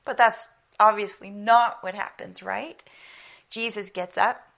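A woman preaching a conversational sermon. She tells stories with animation, laughs lightly as she talks, and drops to a soft whisper for emphasis. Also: mid-range voice, steady tone, measured pace, vocal fry. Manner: laughs lightly while speaking. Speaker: women's Bible teacher.

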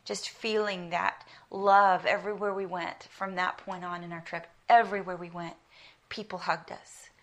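Speaking with a lowish voice, flat delivery, and normal pace, a middle-aged woman from South Africa who has an American accent delivers an earnest sermon. She tells personal stories emphatically.

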